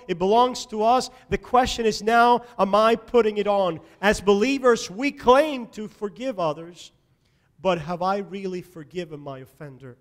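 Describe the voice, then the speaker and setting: Male pastor, high voice, preaching emphatically in church with swings from loud to quiet. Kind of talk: sermon. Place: church sanctuary.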